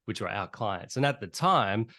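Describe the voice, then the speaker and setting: Aussie guy, middle-aged, bit low-pitched, chatty storyteller vibe, keeps saying right. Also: animated, normal speed, pushed and bright. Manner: chatty storyteller, frequent "right?" tags, laughs often. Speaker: guest, web design agency owner. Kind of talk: casual interview chat.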